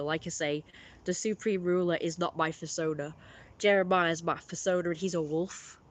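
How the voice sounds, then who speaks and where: A livestream host chatting casually with viewers and reading their messages, rambling and often correcting themselves in a friendly way. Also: medium pitch.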